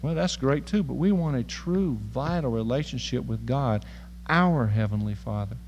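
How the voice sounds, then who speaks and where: A man's voice: medium pitch, expressive, normal speed, a little mellow, big-room sound, a little hiss or hum, poor audio. A man preaching a sermon in a folksy, humorous and emphatic way.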